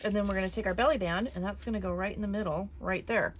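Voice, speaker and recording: A woman's voice: mid-range voice, quick pace, a little hiss or hum. Chatty woman teaching a paper craft. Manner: chatty, relaxed, with frequent ums and self-corrections. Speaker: craft tutorial host. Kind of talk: casual step-by-step craft tutorial. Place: craft desk at home.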